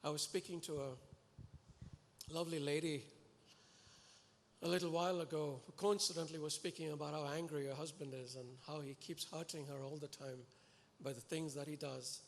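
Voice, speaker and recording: A man preaching a sermon to a congregation, earnest and animated, pleading and exhorting his listeners. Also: a little high, moderate pace, creaky, slight background noise. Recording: echoey hall with long reverb.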